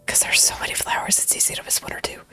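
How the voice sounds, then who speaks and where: A woman streamer who has lost her voice, chatting to herself in a soft, playful whisper while she draws, close to a very sensitive mic. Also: racing, faint music behind. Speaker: streamer drawing digital art. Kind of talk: casual chat while drawing. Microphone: high-sensitivity desk mic, close.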